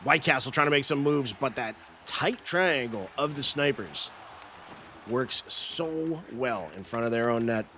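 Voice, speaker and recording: A man doing esports play-by-play commentary, with rapid calls that jump up in pitch when goals go in. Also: lively intonation, pushed and bright, slight background noise.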